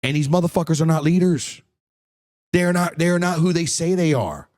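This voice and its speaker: A man's voice: fairly high pitch, normal speed, a little mellow. Blunt, profane man in his forties. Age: 40s. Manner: profane, blunt, heated, repeats words when worked up. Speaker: podcast host. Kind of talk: solo podcast rant.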